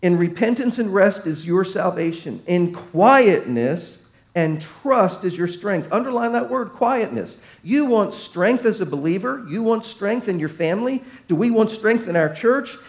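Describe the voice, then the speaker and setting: A man's voice: high-pitched, animated, a little slow. A man preaching a sermon as pastor, emphatic, his voice swelling and dropping to drive points home.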